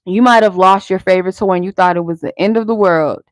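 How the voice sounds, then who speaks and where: A woman talks through a live tarot reading in a loose, candid way, cursing now and then as she encourages her listeners. Her voice sits at a middling pitch and sounds close and dry, with no room echo. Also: quick pace. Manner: candid, conversational, salted with swearing; encouraging, motivational. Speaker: tarot reader and live stream host. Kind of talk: casual spiritual guidance and tarot reading.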